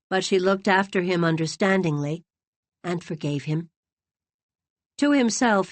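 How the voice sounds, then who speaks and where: A woman reading a classic novel aloud with dramatic, expressive narration. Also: lowish voice, no room sound. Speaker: audiobook narrator. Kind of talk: scripted narration.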